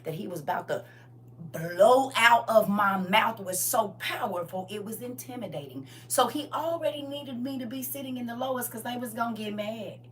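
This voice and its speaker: A woman giving an impassioned testimony, swinging between shouting and low intense talk with lots of emphatic repetition. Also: normal speed, far from the mic, slight background noise.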